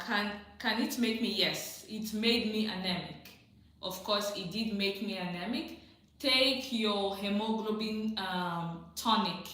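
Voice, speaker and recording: A woman's voice: medium pitch, takes it slowly, fairly bright tone. A woman hosting a casual livestream, reading viewer questions aloud and answering them directly, often laughing and repeating her advice for emphasis. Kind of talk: casual live chat, reading and answering comments. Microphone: phone or computer mic on a livestream. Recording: very echoey room.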